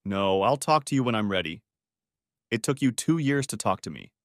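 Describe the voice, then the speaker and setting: A man's voice: on the low side, animated, moderate pace, no room sound, studio quality, lightly acted. A man voicing a bitter husband who speaks coldly and sarcastically to his wife in an audiobook story. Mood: cold, cutting. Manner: cold, cutting, sarcastic.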